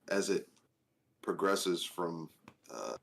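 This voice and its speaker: A man on a podcast panel, hoarse and deeper-voiced than usual from a cold, talking bluntly and joking around. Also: animated, takes it slowly, a bit bright. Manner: blunt, jokey, swears casually. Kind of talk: casual podcast chat.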